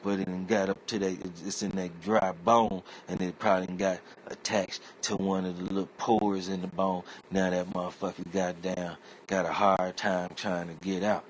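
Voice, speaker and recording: Deep-voiced man in a profane comic rant. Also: flat delivery, moderate pace, few pauses, slight background noise. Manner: profane, rambling, streetwise. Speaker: internet comedian. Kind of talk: comedic rant monologue.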